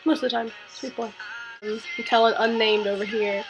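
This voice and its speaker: Teen girl vlogger, sarcastic and fed up, slightly high voice, music playing behind. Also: steady tone, moderate pace, dull audio. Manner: exasperated, sarcastic storytelling. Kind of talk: casual ranting vlog.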